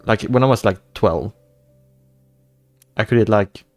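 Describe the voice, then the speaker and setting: Speaking a little slowly in a lowish voice, this young man hosts a relaxed livestream and reads out messages from chat. His talk wanders, full of repeated words and false starts, and the dry recording carries faint background music.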